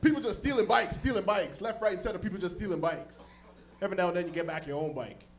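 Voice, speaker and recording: Animated stand-up comic from Toronto. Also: male voice, fast talker. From Toronto area, Canada. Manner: loud, animated storytelling, jumps into high-pitched voices for characters. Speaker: stand-up comedian. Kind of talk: stand-up comedy set. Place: comedy club stage.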